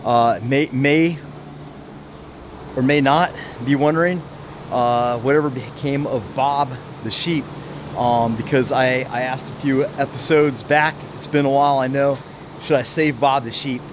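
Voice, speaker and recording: A man's voice: medium pitch, steady tone, measured pace, noisy background. A man chatting casually in his home welding shop, rambling with lots of fillers and restarts. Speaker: vlogger showing his shop. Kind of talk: casual vlog chat.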